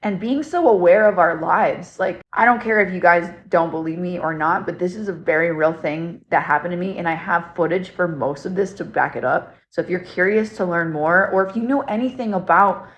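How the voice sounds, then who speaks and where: A woman's voice: fairly low pitch, moderate pace, few pauses, muffled recording. Earnest young woman telling a story. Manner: earnest, excitable, lots of fillers. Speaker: paranormal storyteller. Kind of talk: casual storytelling to camera.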